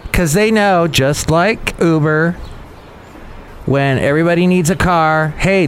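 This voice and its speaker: A man hosting a podcast who rambles through his thoughts at a slow, unhurried pace. He wanders off track and corrects himself mid-sentence. His pitch sits in an ordinary middle range. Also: slight background noise. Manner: meandering, self-correcting, chatty. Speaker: podcast host. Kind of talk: casual rambling chat.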